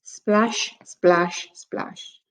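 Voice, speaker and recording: A woman teacher reading a picture book aloud to young children in an expressive storybook voice. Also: mid-range voice, poor audio. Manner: slow, expressive, sing-song.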